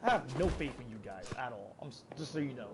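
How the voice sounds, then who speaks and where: A man in a frustrated, swearing rant as a gaming vlogger, muttering low and then bursting out loud. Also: animated, fast talker. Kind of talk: angry rant to camera. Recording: loud background noise, vehicle sounds.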